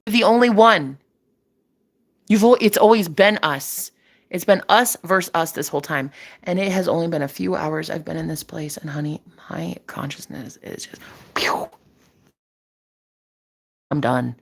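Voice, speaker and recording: A woman's voice: fairly low pitch, moderate pace, gravelly, pauses often. A woman giving a casual spiritual reading, emphatic and preachy, repeating phrases for effect and swearing casually. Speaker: spiritual reader. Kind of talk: casual spiritual vlog talk.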